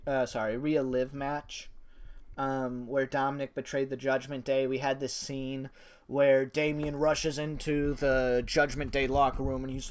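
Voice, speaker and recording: In a casual spoken review, a wrestling reviewer with a medium-pitched voice gushes and rambles, full of fillers and restarts, swearing offhandedly.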